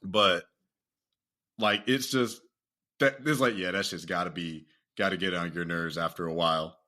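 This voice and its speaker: Bright-voiced, animated American man. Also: low-pitched, moderate pace. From United States. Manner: animated, profane, laughs often, slips into mock accents. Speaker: podcast host. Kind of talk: casual podcast chat.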